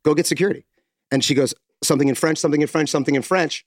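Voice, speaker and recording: A man's voice: fairly high pitch, steady tone, rapid-fire, no room sound, studio quality. A middle-aged man, a podcast co-host, telling a story in casual chat, acting out quotes and swearing freely.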